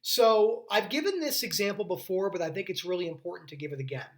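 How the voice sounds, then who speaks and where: A man's voice: high-pitched, expressive, quick pace. Earnest rambling man explaining mental health. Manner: earnest, rambling with restarts and tangents. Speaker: mental health video host. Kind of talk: casual talking-head explainer.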